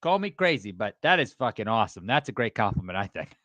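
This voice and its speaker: A man co-hosting a podcast, chatting in an animated way, swearing and acting out a story. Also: lowish voice, quick pace, no room sound. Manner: animated, swearing, acts out stories. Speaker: podcast co-host. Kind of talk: casual podcast chat.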